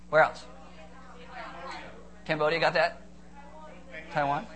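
A man's voice: on the high side, fairly quick, crowd noise. A man preaching a sermon, firing off rhetorical questions and joking with the congregation. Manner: animated, rhetorical questions, playful asides to congregation. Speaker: pastor.

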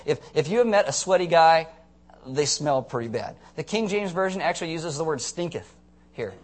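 A young man preaching a sermon, animated and joking as he tells the story, with sudden loud shouts. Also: fairly high pitch, a little fast. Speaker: pastor.

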